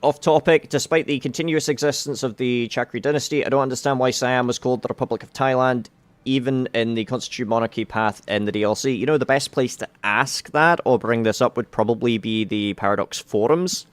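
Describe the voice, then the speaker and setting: A man hosting a live game stream as community specialist, chatting casually and pausing often with fillers and restarts. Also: medium pitch, smooth, no room sound. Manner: hesitant, many fillers and restarts.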